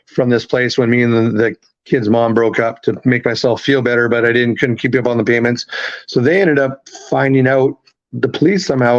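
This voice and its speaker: Male podcast guest, 30s, rambling casual storyteller, muffled audio. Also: mid-range voice. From Canada. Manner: rambling, halting, many fillers and restarts. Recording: slightly dull lo-fi audio.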